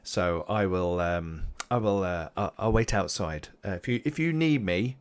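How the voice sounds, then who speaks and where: Guy doing a jittery polite alien guide, deep voice, keeps tripping over his words. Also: lively intonation, a little slow. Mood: apologetic. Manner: rambling, hesitant, apologetic. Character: nervous, overly polite male Gran alien guide.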